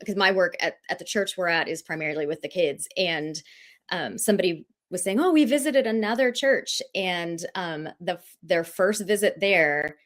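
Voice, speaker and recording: A woman's voice: on the low side, moderate pace, fairly bright tone. A woman co-hosting a podcast, hesitant and full of fillers, agreeable in conversation. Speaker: podcast co-host.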